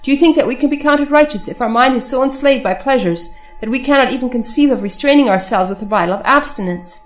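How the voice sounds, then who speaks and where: A woman reading as calm captive saints. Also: high voice, quick pace, faint music behind, close to an everyday voice. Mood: firm. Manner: calm, reasoning, quoting scripture. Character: captive male Christian saints, calm and firm.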